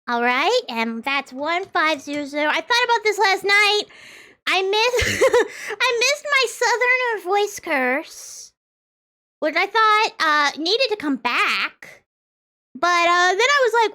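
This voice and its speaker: A woman's voice: very high voice, animated, slow pace, bright, forceful tone. A young woman streaming a game in casual chat, chaotic and playful, trailing off and restarting with silly bits. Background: faint music.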